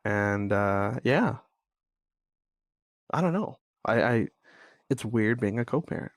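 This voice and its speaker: In a candid podcast monologue, a young male host speaks bluntly about co-parenting troubles, cursing freely and becoming exasperated. His voice is fairly low, expressive and slow, in a studio-quality recording with no echo.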